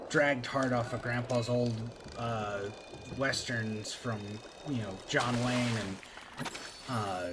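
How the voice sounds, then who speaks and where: A man with a faint rural Appalachian lilt chats loosely as a streamer, wandering through stories with plenty of ums and likes. His voice sits at an ordinary middle pitch. A steady hiss of background noise runs under it. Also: slow. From Appalachia, USA. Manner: rambling storytelling with many fillers. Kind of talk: casual chat while gaming.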